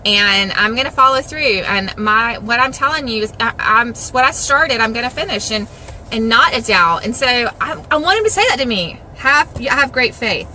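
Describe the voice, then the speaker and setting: A woman from South Georgia with a Southern American accent, giving a casual devotional talk to viewers in an earnest, animated way and repeating phrases for emphasis. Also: fairly high pitch, normal speed, slight background noise, rough recording. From South Georgia, USA. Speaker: Christian blogger giving a devotional.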